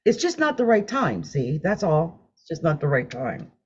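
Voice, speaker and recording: Woman tarot reader on a live stream: chatty, laughs a lot, very expressive pitch, muffled audio. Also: normal speed, slightly rough. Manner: chatty, animated, laughs often, hums while drawing cards. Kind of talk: live-stream card reading. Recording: dull lo-fi sound.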